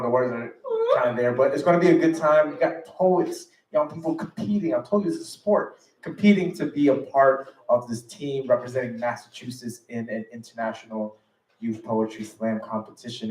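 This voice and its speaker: A man hosting a poetry open mic in a cafe, chatty and loose, giving slangy shout-outs to the crowd. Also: medium pitch. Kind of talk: casual event hosting. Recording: echoey room, mic far off.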